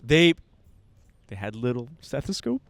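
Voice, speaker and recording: A man's voice: mid-range voice, unhurried, vocal fry, no echo. A man co-hosting a podcast in casual chat, telling stories with frequent laughter. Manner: laughs often, animated storytelling. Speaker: podcast co-host.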